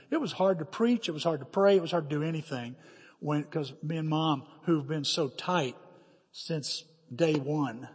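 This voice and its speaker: A man's voice: a little high, breathy edge. A middle-aged man preaching a sermon as a pastor, telling personal stories with emphatic, dramatic quoted asides. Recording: hall reverb.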